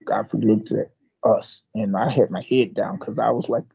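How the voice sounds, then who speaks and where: An older man, a martial arts master, telling a story in an interview, animated and stumbling over repeated words. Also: on the low side, moderate pace, gravelly, slightly rough, no echo, muffled recording.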